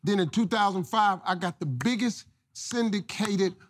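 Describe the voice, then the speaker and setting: A man's voice: high-pitched, normal speed, slight background noise. A middle-aged man telling a folksy, preachy motivational story. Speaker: guest storyteller.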